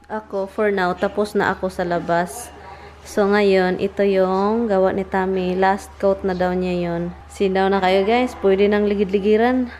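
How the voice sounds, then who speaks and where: A woman's voice: medium pitch, level tone, normal speed, a little mellow, slight background noise. A Filipino-accented woman chatting casually in a home vlog, mixing languages as she talks through her chores. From Philippines. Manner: mixes Tagalog and English, chatty, baby-talks to pets. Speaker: vlogger. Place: home, indoors.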